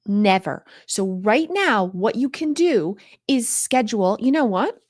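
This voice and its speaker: A woman's voice: a little high, expressive, unhurried, a little mellow, dry recording, studio quality. A woman hosting a live stream on home organizing, talking straight to her viewers in an upbeat, coaxing way and answering their questions.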